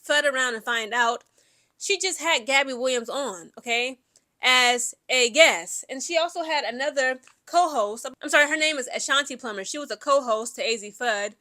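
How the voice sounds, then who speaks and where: A young adult woman, giving casual, opinionated commentary in an animated way, full of filler words. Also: high voice, moderate pace. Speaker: commentary vlogger.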